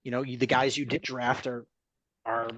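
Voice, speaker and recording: Man, sports podcast host, mid pitch, dry recording, ranting casual talk. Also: level tone, normal speed, fairly bright tone, dry recording, lo-fi sound. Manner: ranting, piles up complaints.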